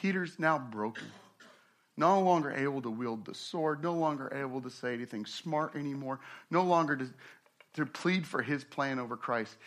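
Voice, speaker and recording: A man preaching a sermon, acting out the people in his story and swinging from hushed, slow passages to loud, fast ones. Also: medium pitch. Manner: dramatic preaching, acts out quoted voices, swings from hushed to loud. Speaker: pastor.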